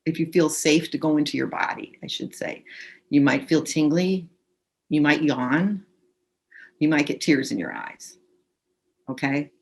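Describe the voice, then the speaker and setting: A woman's voice: sits low, expressive, unhurried, long pauses, breathy edge. A woman guiding a group through a tapping session over a video call, giving instructions and leading phrases for them to repeat aloud. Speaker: tapping practitioner. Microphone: computer mic on a video call.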